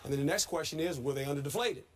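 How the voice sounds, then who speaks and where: A man appearing as a guest and former coach, giving studio sports analysis in a halting way, often repeating words as he works through his thoughts. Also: a little high.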